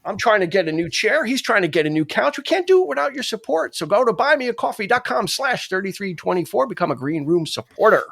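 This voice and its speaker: A man hosts a podcast in loose, joking conversation. His voice sits high and swings widely in pitch, and he often trips over and restarts his words. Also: fast, gravelly, few pauses. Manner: animated, joking, stumbling restarts. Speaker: podcast host. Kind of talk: casual chat.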